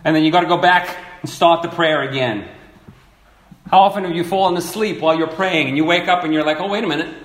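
A man preaching a sermon in a slow, teaching manner, repeating phrases for emphasis. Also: a little high, roomy sound.

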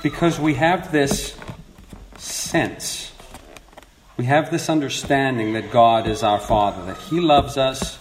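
A man's voice: mid-range voice, slow. A man preaching a sermon, explaining scripture earnestly and building to emphatic points. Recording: echoey room with faint noise.

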